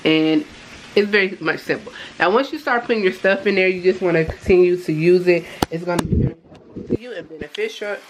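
A woman's voice: on the low side, fairly quick, noisy background. A woman vlogging casually from her home kitchen, chatting upbeat to viewers and calling them y'all. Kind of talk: casual vlog chat.

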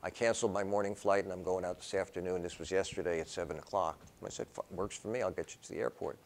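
A man's voice: sits low, fairly even intonation, fast. An older man, a professor giving a conversational classroom lecture that wanders into personal stories and acted-out dialogue. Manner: acts out dialogue in quoted voices. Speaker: philosophy professor.

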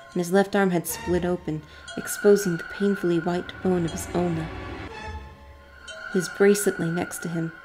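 A woman reading a visual novel aloud for a gameplay video and breaking in with dry asides. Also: fairly low pitch. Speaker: let's play narrator.

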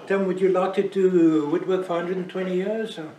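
A man from South Africa leading a church Bible study, talking in a conversational, gently teaching way. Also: high-pitched, fairly even intonation, a little fast, a little hiss or hum. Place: church room. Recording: echoey room from far off.

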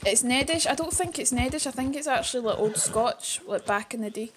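A woman's voice: high voice, background noise. A young Scottish woman from Fife chatting playfully with her viewers while streaming a game. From Scotland. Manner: playful, chatty, quick asides to chat. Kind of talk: casual gameplay chat.

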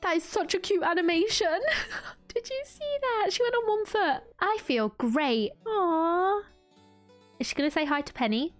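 A woman streamer giving casual let's-play commentary, excitable and gushing as she gasps and laughs her way through the game. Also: very high voice, measured pace, soft background music. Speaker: gaming streamer.

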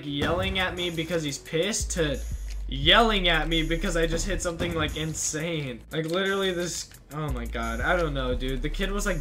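A young man with a somewhat high voice tells a gaming story in a loose, rambling way, full of fillers and restarts. He talks as a channel host doing casual commentary. Clear music plays under his voice. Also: pushed and bright. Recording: music playing behind.

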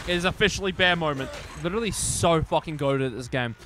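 A young man streaming a video game, commenting with profane jokes and sudden yelling bursts. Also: on the high side, quick pace, slight background noise. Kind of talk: gameplay commentary. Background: faint game music.

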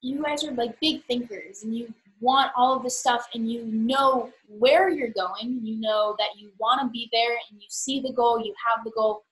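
A woman's voice: on the high side, moderate pace, hardly any pauses, fairly bright tone, rough recording. A teenage girl chatting casually on a podcast, hesitant, with many fillers. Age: teens. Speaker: guest's daughter. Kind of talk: casual chat.

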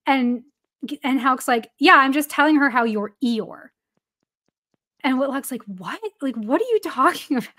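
A woman telling a story in a relaxed podcast chat, her voice sitting a little higher than most. She talks in a loose, chatty way, full of "like" fillers and with laughter breaking in as she reports to the host. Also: moderate pace. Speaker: baseball reporter, guest. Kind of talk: casual storytelling in a podcast interview.

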